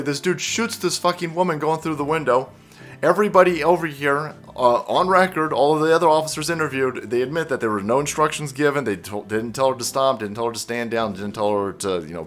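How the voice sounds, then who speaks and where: Profane, heated male commentator. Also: medium pitch. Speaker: online commentator. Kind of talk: political commentary rant.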